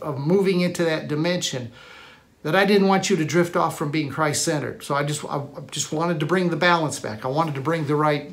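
A man preaching a sermon on a live stream, emphatic and repetitive, often restarting his phrases. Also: fairly high pitch. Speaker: pastor.

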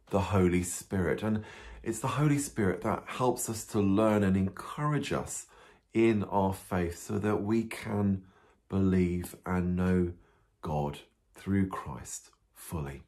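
A priest telling a Bible story to children, animated and full of questions, with frequent ums. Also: male voice, deep voice, slow. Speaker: parish priest.

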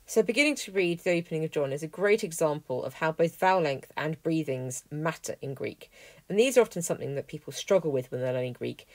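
A woman teaching a language lesson, explaining clearly and methodically, working through a text word by word. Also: low-pitched, expressive, fast talker, a little mellow, no room sound. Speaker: Greek teacher. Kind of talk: lesson walkthrough.

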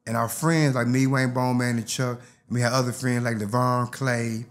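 A man's voice: mid-range voice, moderate pace. A man, an interview guest telling a story in casual speech and acting out other people's lines. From Detroit, USA. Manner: animated, acts out others' lines.

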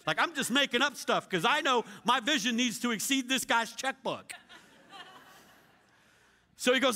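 A middle-aged male pastor telling a story in a sermon, acting out the dialogue with shouts and laughter. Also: very high-pitched, lively intonation, normal speed, long pauses.

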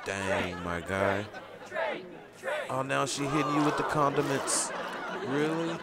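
A man's voice: medium pitch, slow pace, a loud crowd, heavy background noise. A man hosting a gaming channel, giving casual, slangy let's-play commentary. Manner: laid-back, slangy reactions.

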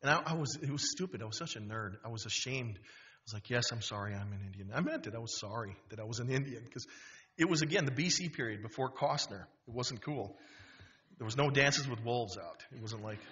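In a university auditorium, a man in his fifties from Wisconsin gives a storytelling talk as guest speaker, his medium-pitched voice fairly quick. Lively and funny, he restarts constantly, and the recording has a dull auditorium quality.

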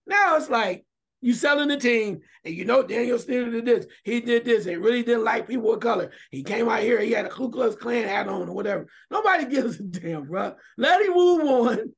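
High-voiced, fired-up male sports talker. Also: fairly quick, husky. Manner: animated, emphatic, shouts at times. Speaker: sports radio co-host. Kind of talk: opinionated sports talk radio.

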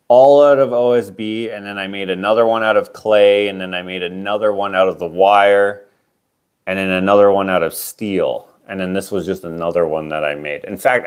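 Rambling low-voiced man running an auction. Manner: rambling and self-deprecating, trailing off with fillers. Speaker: artist auctioning his own sculptures. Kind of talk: casual livestream auction chat.

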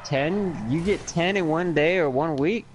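A man's voice: a little high, unhurried, a little hiss or hum. Young man joking crudely over game chat. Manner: joking, mocking, laughs often. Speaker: gamer in group voice chat. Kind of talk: casual crude banter while gaming.

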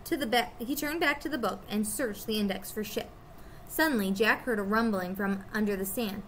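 Bright-voiced teacher reading aloud. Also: female voice, fairly high pitch, a little hiss or hum. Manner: expressive, storytelling. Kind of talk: reading a children's chapter book aloud.

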